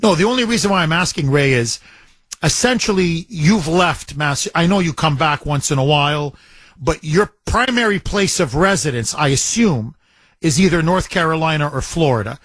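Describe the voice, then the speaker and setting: A man hosting a call-in radio show from a studio mic. His voice sits a little high and sounds dry and close. He talks in a chatty way and repeats phrases for emphasis. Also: expressive, moderate pace, fairly bright tone, no echo. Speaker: radio talk show host.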